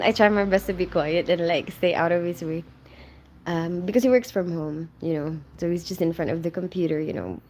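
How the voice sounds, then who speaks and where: Friendly woman livestreaming, reads out chat comments, says um and like a lot. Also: mid-range voice. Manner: chatty and friendly, greets viewers by name, many fillers. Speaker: livestream host. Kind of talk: casual live chat, reading viewer comments aloud.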